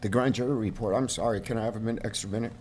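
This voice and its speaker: A middle-aged man giving an emotional public comment at a county board meeting, his voice rising toward shouting at its peaks, speaking at a podium microphone. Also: on the low side, fairly even intonation, rapid-fire, slight background noise. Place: council chamber.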